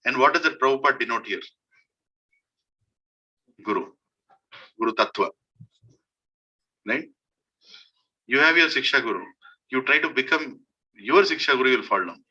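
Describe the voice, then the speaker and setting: A speaker at a scripture study gathering gives a devotional sermon built around a story and rhetorical questions to listeners. Expressive and sharp-toned, slightly rough, he speaks at a moderate pace with long pauses, voicing quotes as he rises high and emotional, in lo-fi sound.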